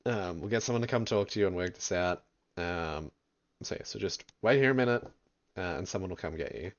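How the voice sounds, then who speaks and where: A man running a tabletop game as game master, describing scenes in a relaxed, rambling way full of fillers. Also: low voice, a little fast, highs cut off.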